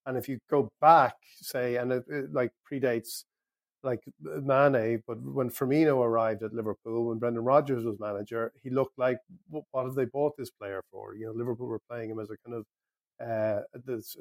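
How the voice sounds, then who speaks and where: A man's voice: mid-range voice, fairly even intonation, normal speed, no echo, studio quality. A man on a football podcast, talking in a thoughtful, analytical way. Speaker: podcast pundit. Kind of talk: casual football discussion.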